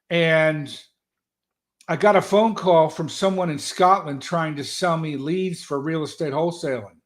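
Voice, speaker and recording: A man telling stories as a guest in an animated, folksy, loud way. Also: on the high side. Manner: animated, folksy storyteller who talks loud. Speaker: guest, political strategist. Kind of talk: casual motivational talk.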